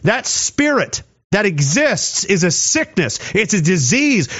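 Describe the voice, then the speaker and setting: A man's voice: sits high, sing-song, a little slow, hardly any pauses, a bit bright. A man from Canada ranting sarcastically about politics in an angry commentary. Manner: ranting, sarcastic, mocking voices. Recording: dull lo-fi audio.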